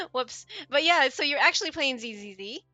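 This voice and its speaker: A woman's voice: sits high, sing-song, moderate pace, sharp tone, dry recording, faint music behind. A woman streamer in casual live-stream chat, chatty and giggly, often trailing off and restarting her sentences.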